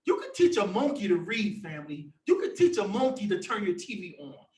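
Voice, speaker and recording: A man teaching scripture to a group in an animated preaching style, sometimes shouting. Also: high voice, brisk, reverberant, far from the mic, low-quality recording. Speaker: Bible teacher.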